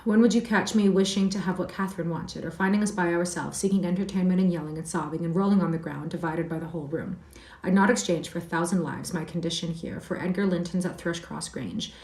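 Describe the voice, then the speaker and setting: Heathcliff, a fierce, scornful boy, read by a woman in a low voice, tells his wild tale. The sound is roomy and picked up from some distance away. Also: quick pace, a little mellow, close to an everyday voice.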